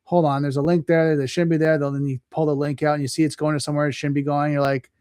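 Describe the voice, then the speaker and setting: A man hosting a podcast interview, talking casually and acting out scenarios with lively quoted voices. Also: fairly high pitch, fast, clear, resonant tone, no room sound, studio quality. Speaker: podcast host.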